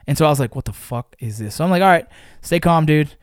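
A man telling a story in casual podcast chat, animated and profane, who bursts into shouts at the exciting moments. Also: a little high, fast, no echo, studio quality. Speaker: podcast host.

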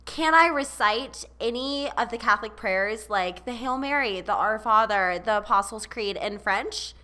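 A woman's voice: on the high side, lively intonation, moderate pace, bright, forceful tone. A young adult woman co-hosting a podcast, telling stories in casual chat with quoted asides. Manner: chatty, storytelling with quoted asides. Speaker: podcast co-host.

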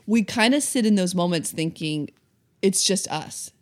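A woman's voice: on the low side, expressive, a little slow. A woman co-hosting a podcast in casual chat, speaking reflectively and playfully. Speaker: podcast co-host.

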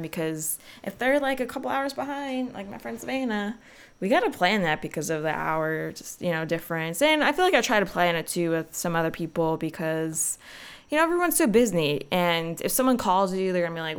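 A woman's voice: lowish voice, expressive, moderate pace, fairly bright tone, smooth. A young woman hosting a podcast, chatting casually and rambling with lots of fillers. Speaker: podcast host. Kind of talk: casual solo podcast chat.

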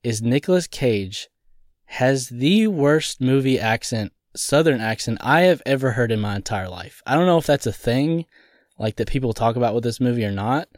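A man in a relaxed podcast chat, his voice sitting at an everyday middle pitch. He talks in animated bursts and laughs often, full of playful disbelief. The sound is dry and close, with no room around it. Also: moderate pace, no room sound. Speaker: podcast co-host. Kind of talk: casual movie review chat.

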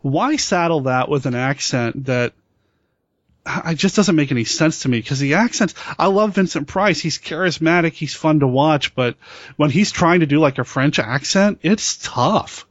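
A man's voice: on the high side, expressive, normal speed, no echo, muffled recording. A man hosting a casual podcast chat, asking friendly questions and laughing easily. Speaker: podcast host, interviewer.

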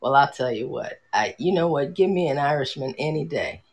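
A woman's voice: rumbling low, expressive, a little fast, slightly rough. A middle-aged woman chatting casually as a podcast co-host, rambling and hesitant with many restarts and fillers. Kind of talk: casual chat.

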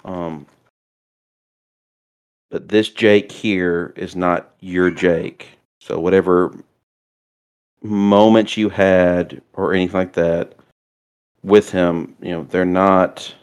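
A man narrating a tabletop role-playing game as game master, in a halting way with pauses and fillers. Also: deep voice, steady tone, a little mellow, smooth.

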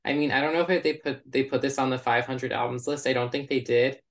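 A man's voice: medium pitch, steady tone, fast talker. A man co-hosting a podcast, chatting casually in an eager, self-deprecating way. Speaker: podcast co-host. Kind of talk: casual chat.

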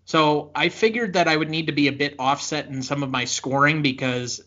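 A man's voice: fairly high pitch, brisk, bright, forceful tone. A man co-hosting a film podcast, casually explaining his review score. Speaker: podcast co-host. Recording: slightly dull lo-fi podcast audio.

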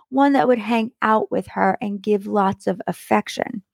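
A woman's voice: mid-range voice, unhurried, creaky, no room sound, studio quality. Chatty, blunt woman telling a story. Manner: chatty, laughs often, blunt and animated. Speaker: podcast host. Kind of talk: casual storytelling monologue.

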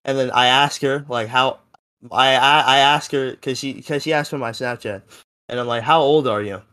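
A man's voice: medium pitch, steady tone, moderate pace, sharp tone, clear, resonant tone. A seventeen-year-old young man telling a story in a casual podcast chat, rambling and full of fillers. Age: teens. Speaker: podcast co-host.

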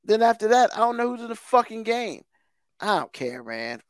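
A man's voice: sits high, very animated, moderate pace, dry recording, studio quality. A man co-hosting a podcast, ranting heatedly about TV and football, swearing constantly and repeating himself for emphasis. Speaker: podcast co-host. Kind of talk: casual profane rant.

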